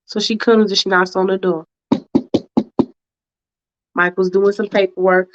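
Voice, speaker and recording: A woman's voice: medium pitch, little pitch movement, unhurried. Chatty woman telling a storytime. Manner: chatty, laughing asides, slangy commentary. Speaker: storyteller and show host. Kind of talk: casual fanfiction storytime. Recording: dull lo-fi recording.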